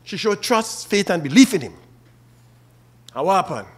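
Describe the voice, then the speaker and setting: A man's voice: high voice, very animated, moderate pace, husky. A man with a Trinidadian accent preaching a funeral sermon and calling out to the mourners by name. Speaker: officiating minister at a funeral.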